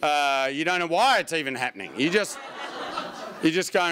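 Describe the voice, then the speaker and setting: A man's voice: high voice, normal speed, a faint crowd, a little hiss or hum. A man performing a stand-up comedy routine, wry and profane, telling stories with lots of energy. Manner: wry, profane, animated storytelling.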